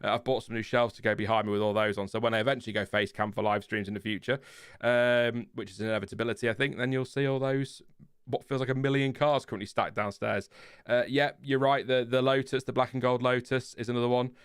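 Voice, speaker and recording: Lincolnshire guy chatting on a stream, calm flat voice, rambly, dry close mic. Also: mid-range voice, quick pace, smooth, no echo. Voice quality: calm, fairly flat intonation. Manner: chatty, rambling, laughs often, trails off. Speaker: livestream host. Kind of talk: casual chat reading live comments.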